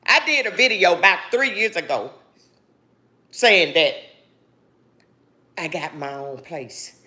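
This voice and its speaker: A woman talks slowly to her viewers in a bright, lively voice whose pitch rises and falls a lot. She sounds grieving and angry, defiant and preachy, and keeps calling her listeners "baby." This is an emotional monologue delivered straight to camera. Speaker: vlogger.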